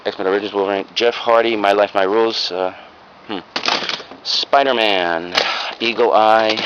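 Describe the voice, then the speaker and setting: A man casually showing off his secondhand finds in a video, rambling and frank, with plenty of ums and uhs. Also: fairly low pitch. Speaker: reseller vlogger. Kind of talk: casual show-and-tell haul video. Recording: lo-fi home video with clear background noise.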